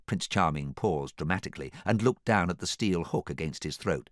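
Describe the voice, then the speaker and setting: A man narrating a children's audiobook with an animated, expressive reading. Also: low-pitched, a little fast, hardly any pauses, dry recording, studio quality.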